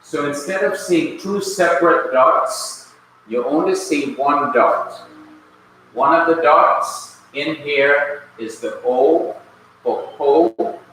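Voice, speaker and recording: A man from Jamaica teaching a Hebrew grammar class, explaining slowly and deliberately in a classroom. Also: a little high, bright, forceful tone. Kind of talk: classroom lecture. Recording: very echoey room, faint hum.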